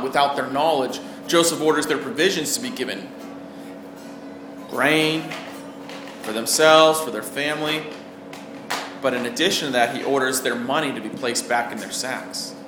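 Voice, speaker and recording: A man preaching a sermon in an earnest way, asking the listeners questions as he goes. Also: mid-range voice. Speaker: pastor. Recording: roomy echo with faint background noise.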